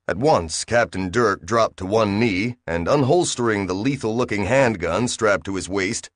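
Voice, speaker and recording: Guy reading an audiobook, low steady voice, dry close sound. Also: no echo. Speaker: audiobook reader. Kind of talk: scripted narration.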